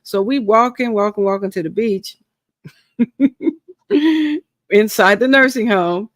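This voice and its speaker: A woman hosting a casual chat, telling a family story in a lively way and laughing often. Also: a little high, slow pace, no echo, studio quality. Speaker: host.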